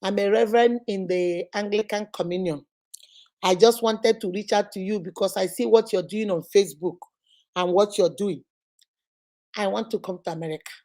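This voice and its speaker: A woman's voice: mid-range voice, mellow, pitched below the performer's own voice, lightly acted. A woman voicing a male reverend who pleads and asks for favors.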